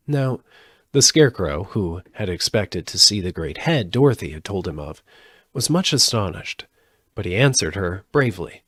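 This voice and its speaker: A man reading a storybook aloud live, expressive, with occasional slips and restarts. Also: deep voice, moderate pace, no room sound, clean studio sound. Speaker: audiobook reader.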